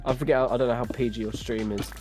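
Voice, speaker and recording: Brief: mid-pitched male gamer, playful and teasing, casual banter, faint music underneath. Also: fairly even intonation, fast talker. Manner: playful, teasing, laughs at own jokes. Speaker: streamer playing with friends. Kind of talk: casual gaming chat.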